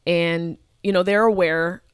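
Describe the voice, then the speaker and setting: A woman's voice: lowish voice, steady tone, measured pace, smooth, no echo, clean studio sound. A woman in her thirties telling a personal story as a podcast host, candid, emotional and full of swearing. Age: 30s.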